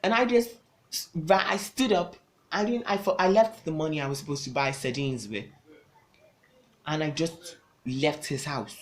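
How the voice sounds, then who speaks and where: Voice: medium pitch, measured pace. A young adult vlogger telling a personal storytime to camera, with dramatic, emphatic delivery, loose casual phrasing and lots of repetition.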